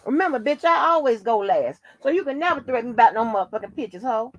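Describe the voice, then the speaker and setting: High-voiced woman in a cursing rant. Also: expressive, quick pace, no echo, lo-fi sound. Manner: heated, cursing, taunting. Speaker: channel host. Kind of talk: angry profane rant to the camera.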